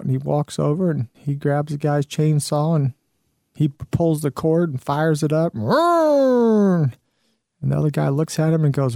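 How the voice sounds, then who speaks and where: A man's voice: fairly high pitch, a little slow, gravelly, dark tone, dry recording, studio quality. A man hosting a show, giving an earnest motivational talk with some restarts and fillers. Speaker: show host.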